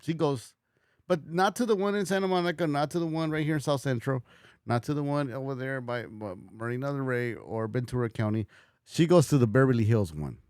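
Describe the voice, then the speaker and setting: A man's voice: medium pitch, a little fast, clean tone, dry recording, clean studio sound. A man hosting a livestream, reacting in casual, slangy, profane talk to his chat. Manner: slangy, profane, says "bro" constantly. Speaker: livestream host.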